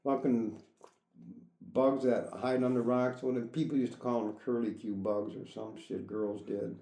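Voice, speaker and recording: A man's voice: medium pitch, flat delivery, a little slow, vocal fry, mellow. A middle-aged man hosting a casual podcast, blunt and profane, laughing often. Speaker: podcast host. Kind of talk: casual crude chat. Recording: echoey room.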